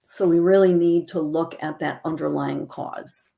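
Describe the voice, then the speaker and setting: Low, gravelly-voiced woman giving a talk. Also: measured pace. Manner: calm, instructive, models empathetic phrases. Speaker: presenter on caregiving. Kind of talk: educational presentation.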